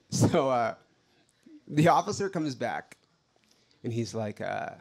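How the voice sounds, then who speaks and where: A male stand-up comedian telling a story on stage, animated and exasperated, bursting into shouts. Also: medium pitch, normal speed. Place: stage before a live audience.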